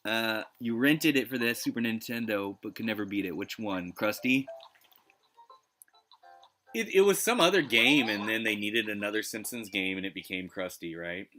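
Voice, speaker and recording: A man's voice: lowish voice, moderate pace, sharp tone, soft background music. A man streaming retro gameplay live, rambling in casual chat and swearing freely. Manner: rambling, swears, lots of restarts. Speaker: gaming streamer.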